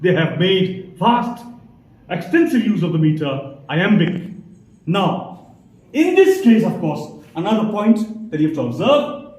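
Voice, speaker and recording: Male teacher, high and lively voice, unhurried delivery, distant mic in an echoey room; lecture style, keeps asking "okay?". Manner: explanatory, checks in with "okay?". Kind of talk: classroom lecture on poetry. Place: classroom.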